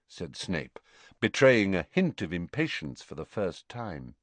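A man narrating an audiobook in a slow, measured reading. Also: low-pitched, big pitch swings, dry recording. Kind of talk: scripted narration.

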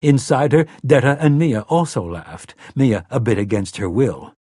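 A man reading an audiobook as its narrator, telling the story in a measured, expressive way. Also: mid-range voice, slightly rough, no room sound, studio quality. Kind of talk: scripted narration.

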